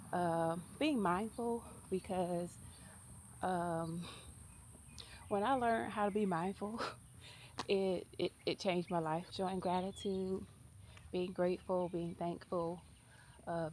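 A woman's voice: lowish voice, darkish tone, a little hiss or hum. A woman in her thirties talking casually to her viewers while out on a morning walk, candid and chatty, a little out of breath. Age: 30s. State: slightly out of breath from walking. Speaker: vlogger. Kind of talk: casual chat to camera while walking.

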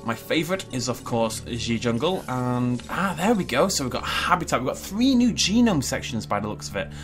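A man giving chatty, excitable gameplay commentary and thinking aloud as he plays. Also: mid-range voice, moderate pace, soft background music. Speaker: gaming YouTuber.

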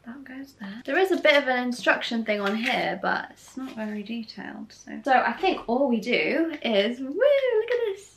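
A young woman chatting casually to her viewers in a vlog, excitable and friendly. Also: on the high side, slight background noise. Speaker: vlogger.

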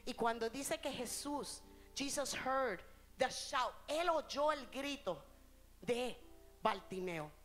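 A woman's voice: high voice, expressive, takes it slowly, faint music behind. A woman preacher giving a bilingual sermon in a church, switching between Spanish and English phrase by phrase, rising and falling in intensity and drawing out key words.

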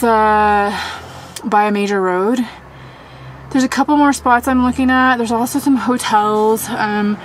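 A woman's voice: mid-range voice, slight background noise, low-quality recording. A woman travel vlogger chatting casually to her viewers, talking to a handheld camera outdoors. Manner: chatty, addresses viewers directly. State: out of breath from altitude. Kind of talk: casual vlog talk to camera. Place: outdoors by a lake on a windy day.

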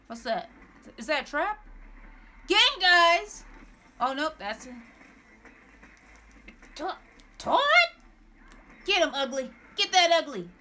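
A woman streaming a game live, excitable, exclaiming and repeating words as she plays. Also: high voice, slow pace, long pauses. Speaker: gameplay streamer. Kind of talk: live gameplay commentary.

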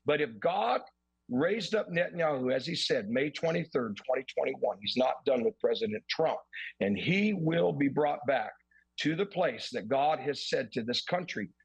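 Man, pastor, emphatic preaching, husky voice, dry close sound, fairly high pitch. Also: lively intonation, normal speed, no room sound, low-quality recording. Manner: emphatic, declaring. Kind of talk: preaching, prophetic declaration.

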